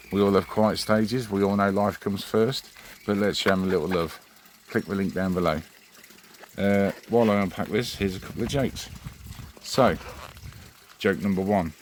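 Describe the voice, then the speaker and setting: A man's voice: low voice, normal speed, darkish tone, a little hiss or hum. A man hosting his own channel, chatting in a rambling, friendly way. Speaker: channel host. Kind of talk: casual vlog address.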